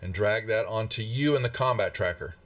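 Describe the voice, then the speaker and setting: A man's voice: lowish voice, a little fast, a bit bright, recorded from a distance. A man, narrating a tabletop game as game master in a casual, rambling way. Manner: casual and rambling, with many fillers.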